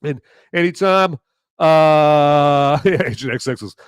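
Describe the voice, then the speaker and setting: A man hosting a live podcast, talking in a hoarse voice in a rambling, jokey way. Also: a little high, slow, no echo. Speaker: podcast host. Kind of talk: live casual chat.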